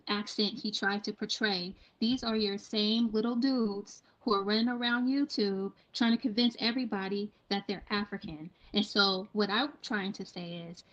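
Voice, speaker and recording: A woman's voice: mid-range voice, fairly bright tone, muffled recording. A woman in casual commentary, earnest and cautioning, often restarting her sentences.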